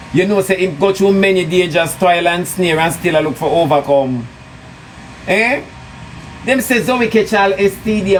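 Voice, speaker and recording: A man with a Jamaican accent ranting on a live stream, mocking and scolding with sarcasm. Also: high-pitched. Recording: distant mic with loud background noise.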